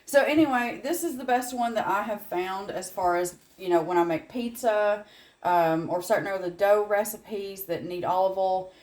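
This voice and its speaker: A woman's voice: medium pitch, normal speed, a little mellow. Chatty Southern woman showing a recipe. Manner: chatty, rambling asides with little laughs. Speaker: home cooking channel host. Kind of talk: casual cooking demonstration.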